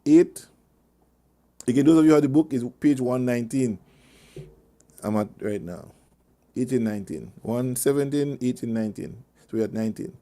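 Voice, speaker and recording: Male radio host, mid-pitched, rambling anecdotal advice, chuckles often, repeats himself. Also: normal speed, long pauses, warm tone. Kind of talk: casual advice talk. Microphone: online meeting call.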